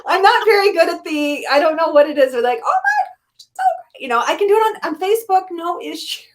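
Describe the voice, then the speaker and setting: A woman telling a story in a casual interview, animated and often laughing as she acts out her own reactions. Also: very high-pitched, fast talker. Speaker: guest author. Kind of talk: casual interview chat, anecdote.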